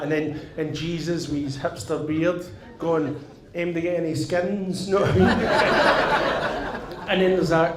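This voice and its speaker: A middle-aged man with a Northern Irish accent doing stand-up, telling a long story and tagging his lines with "right?". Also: a little high. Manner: animated, swearing, tags lines with "right?". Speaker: stand-up comedian. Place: theatre stage. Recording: echoey live venue with audience.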